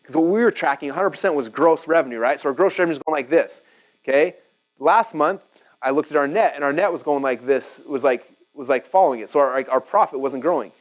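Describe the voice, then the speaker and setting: A man in his thirties teaching a business seminar at a whiteboard, energetic and chatty, checking in with "okay?" and "right?". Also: on the high side, fast talker, rough recording. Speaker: speaker teaching business marketing.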